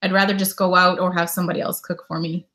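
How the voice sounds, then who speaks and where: A woman's voice: fairly low pitch, level tone, fast talker, bright, forceful tone. A Canadian woman in her thirties hosting a casual live stream from home, greeting viewers and chatting about her day. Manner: chatty, reads viewer comments aloud and greets them. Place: home in winter.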